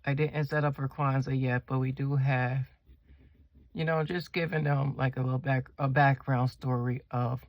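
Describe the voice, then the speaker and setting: A woman's voice: a bass voice, dull audio. A woman vlogger chatting casually while she decorates a planner spread at home, rambling and asking viewers questions. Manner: rambling, slow and relaxed.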